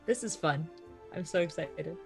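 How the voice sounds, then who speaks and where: A woman playing a tabletop game, excitable and chatty. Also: deep voice, normal speed, creaky, faint music behind. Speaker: player. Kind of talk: casual tabletop game chat.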